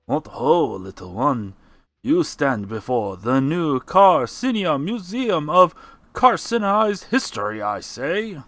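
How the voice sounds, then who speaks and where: A man's voice: on the high side, very animated, slow, fairly bright tone, no room sound, full character voice. A man doing a pompous stuffy museum crab. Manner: pompous, says "I say". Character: pompous old-fashioned male museum crab.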